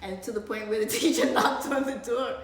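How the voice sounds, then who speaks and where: A middle-aged woman telling a family story in casual chat, talking fast and rambling, often breaking into laughter. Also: fairly high pitch, roomy sound, a little hiss or hum.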